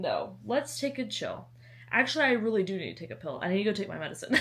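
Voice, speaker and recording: A woman's voice: mid-range voice, fairly bright tone. A young woman with a Southern American lilt, talking straight to camera in a casual book vlog. She is chatty and bubbly, with playful dramatic swings in her delivery. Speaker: book vlogger.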